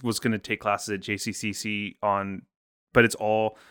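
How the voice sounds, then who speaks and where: A man with a fairly low voice rambling through casual comedy podcast talk, hesitant and full of "like". The sound is close and dry, with no room echo. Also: flat delivery, normal speed, a bit bright, clear, resonant tone.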